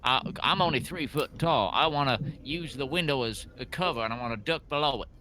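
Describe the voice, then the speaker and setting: A man's voice: mid-range voice, a little fast, bright, forceful tone, a little hiss or hum. A man playing a tabletop game, stammering and mumbling through his turn with lots of fillers. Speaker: player. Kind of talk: casual tabletop game play.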